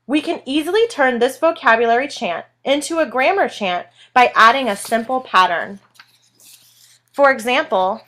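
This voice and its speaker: Woman teacher, somewhat high pitch, clear scripted instructional read. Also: animated, bright, forceful tone. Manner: clear, measured, stressing each word in the chants.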